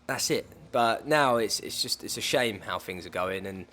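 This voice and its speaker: A man's voice: lowish voice, moderate pace, bright, forceful tone. A man in his twenties hosting a podcast, chatting casually and telling stories with restarts and matey slang. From England, Maidstone. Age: 20s. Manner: chatty, storytelling with restarts and "mate". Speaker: podcast host. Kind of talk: casual chat.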